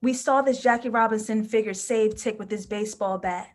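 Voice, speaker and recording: A woman with a mid-range voice talks briskly while hosting a live TV episode review and going through viewers' comments. She's emotional and passionate, prone to abrupt fits of laughter.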